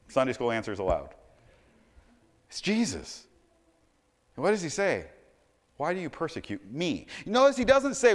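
Man, pastor, sermon, loud then hushed, stammering restarts, hall reverb. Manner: dynamic preaching, swings from loud emphatic to quiet and low; repeats words when starting sentences.

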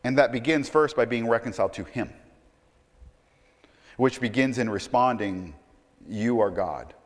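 A male pastor preaching a sermon, swinging between loud emphatic stretches and quiet low asides, often repeating words as he starts a sentence. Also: moderate pace, big-room sound.

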